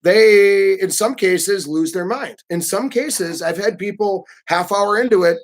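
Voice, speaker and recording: Animated man vlogging casually. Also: sits high, measured pace. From United States. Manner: animated, acts out pushy voices of others. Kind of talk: casual livestream talk.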